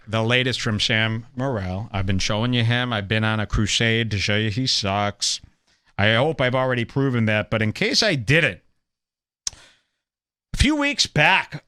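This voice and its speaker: A young man hosting a podcast, ranting sarcastically over clips and mocking people in high put-on voices. He is from Illinois. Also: pushed and bright, smooth. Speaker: podcast host.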